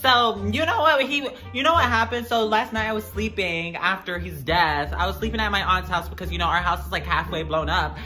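A woman's voice: mid-range voice, a little fast, few pauses, bright, forceful tone, soft background music, lightly acted. A woman playing a sassy, dramatic teenage schoolgirl in a comedy skit, full of "like". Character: sassy dramatic teen girl student.

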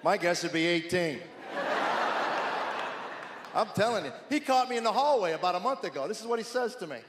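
A man's voice: high-pitched, lively intonation, brisk, slight background noise. A middle-aged man doing stand-up comedy, telling exasperated stories about his teenage son in a wry, storytelling manner. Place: large theater stage with live audience. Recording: echoey hall, audience laughter.

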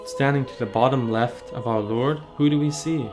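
A man, a priest, leading a catechism meditation on a painting, gently asking the listener questions and answering them. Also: mid-range voice, normal speed, music in the background.

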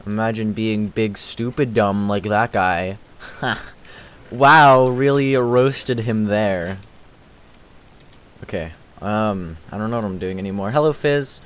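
A man's voice: on the low side, takes it slowly, clean tone. Goofy young man streaming a game. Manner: goofy, self-mocking, sings snatches and trash-talks. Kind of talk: casual gaming stream commentary.

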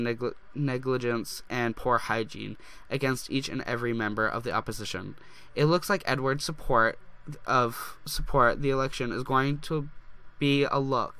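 Young guy doing lets play commentary, gets super excited, bright voice. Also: medium pitch, clean tone. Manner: excitable, reads game text aloud, gushes. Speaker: gaming YouTuber.

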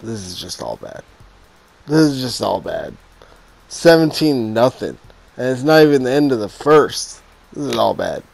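A man in his thirties commentating his own football video game, swinging from muttered asides to loud, exasperated, swearing outbursts. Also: medium pitch, very animated, a little slow, creaky. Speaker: gaming YouTuber playing a football video game. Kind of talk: casual live gameplay commentary.

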